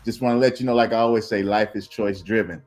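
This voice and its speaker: A man's voice: lowish voice, quick pace, a little mellow. A man who is a pastor giving a short, laid-back, encouraging sign-off on a live stream.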